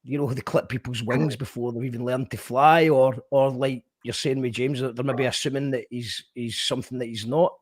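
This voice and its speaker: A man's voice: medium pitch, fairly even intonation, brisk, hardly any pauses, dry recording. A Scottish man hosting a casual radio interview, talking in loose restarts and reading out listener entries. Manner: conversational, trailing restarts, reads out listener entries. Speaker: radio show host.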